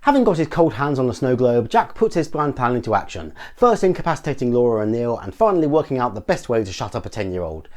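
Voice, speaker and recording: Quick, lively English man reviewing films. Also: mid-range voice. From England. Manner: dry, sarcastic commentary. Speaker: film reviewer. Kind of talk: scripted film review narration.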